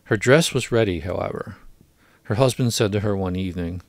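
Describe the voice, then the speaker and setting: A man narrating an audiobook of a classic short story in a measured, deliberate way. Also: on the low side, no room sound. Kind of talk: scripted narration.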